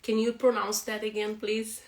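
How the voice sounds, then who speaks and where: Woman, non-native speaker of English, casual teacher, drills words slowly with frequent laughs; roomy sound. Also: medium pitch, completely flat delivery. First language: not English. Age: adult with a young son. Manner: laughs often, repeats words slowly to model pronunciation. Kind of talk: casual pronunciation lesson.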